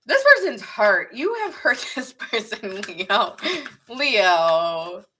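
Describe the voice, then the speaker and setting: A woman's voice: medium pitch, sing-song, takes it slowly, sharp tone, a little hiss or hum. A woman giving a casual live tarot reading, chatty and laughing often as she acts out what people think. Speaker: tarot reader.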